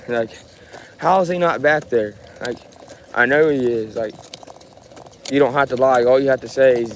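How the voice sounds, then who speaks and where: A man's voice: mid-range voice, normal speed, a little hiss or hum. A man livestreaming, telling a rambling, frustrated story with frequent restarts and swearing. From Ohio, USA.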